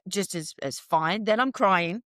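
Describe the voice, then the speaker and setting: A woman's voice: medium pitch, a little slow, fairly bright tone, no echo, studio quality. A woman in her forties hosting a podcast, talking in a candid, chatty conversational way. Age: 40s. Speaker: podcast host. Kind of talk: casual interview chat.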